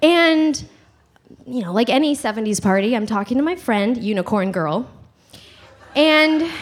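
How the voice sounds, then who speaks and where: Animated high-voiced woman telling a story. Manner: animated, giggly, acts out quotes. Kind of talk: live comic storytelling.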